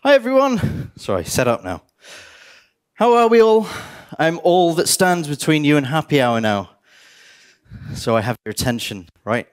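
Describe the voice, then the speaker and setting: A man giving a conference talk on stage, animated, with bursts of theatrical mock despair. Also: on the high side, normal speed. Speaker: conference speaker.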